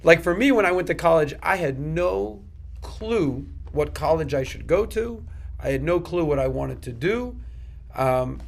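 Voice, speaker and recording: A young man co-hosting a casual podcast discussion, talking in an animated way. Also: a little high, vocal fry. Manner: animated, slips into put-on voices. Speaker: podcast co-host.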